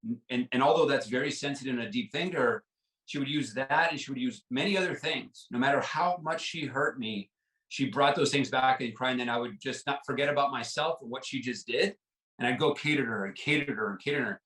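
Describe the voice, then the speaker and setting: A man speaks with earnest, halting sincerity, circling back over his words and leaning on "like" and "right?". His voice sits at an ordinary middle pitch. He is a little distant from the mic in an echoey room. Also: fairly bright tone. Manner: earnest, repeats words, many "like" and "right?" fillers. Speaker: podcast guest. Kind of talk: personal storytelling in an interview.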